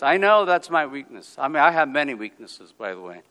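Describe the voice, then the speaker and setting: A man preaching a sermon in an animated way, acting out quotes and swinging between quiet asides and loud, emphatic lines. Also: mid-range voice, brisk, big-room sound. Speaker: pastor.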